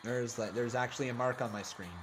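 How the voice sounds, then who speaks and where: A man from Ontario with a Canadian accent, hosting a live watch-along and chatting with viewers. He is excitable, laughs often and whoops loudly when donations come in. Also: mid-range voice, quick pace, over music. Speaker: live stream host.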